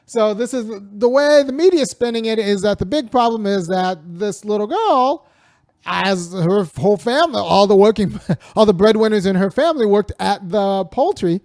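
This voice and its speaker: A man's voice: high-pitched, lively intonation, normal speed, darkish tone, dry recording, clean studio sound. A man hosting a casual spoken commentary, talking in a digressive way with frequent restarts and wry laughs. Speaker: host and commentator.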